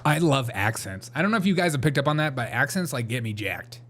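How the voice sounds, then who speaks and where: A man's voice: mid-range voice, animated, quick pace, fairly bright tone. A man hosting a live show, chatting casually and rambling through jokes and chat replies, laughing often. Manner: reads chat and answers it.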